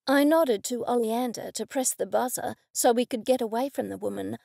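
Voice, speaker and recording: A woman narrating a cozy mystery audiobook in first person, with measured, dry storytelling. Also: a little high, vocal fry, mellow, no room sound.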